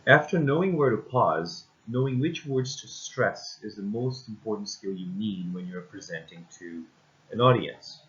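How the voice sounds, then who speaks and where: A man's voice: lowish voice, animated, moderate pace, fairly bright tone, lo-fi sound. A man teaching a recorded lesson, walking through steps and often saying "again" and "basically" with frequent ums. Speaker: instructor.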